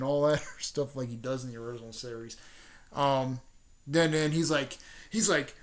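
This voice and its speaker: A man's voice: on the high side, steady tone, normal speed. Man, casual fan retelling, rambling, fillers, chuckles. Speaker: fan storyteller.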